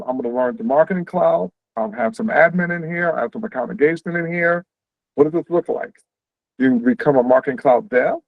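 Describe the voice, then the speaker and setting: A man hosting an info session on a video call, explaining career paths quickly and conversationally, checking in with "right?". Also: on the high side, no echo. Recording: tinny, phone-like dry audio.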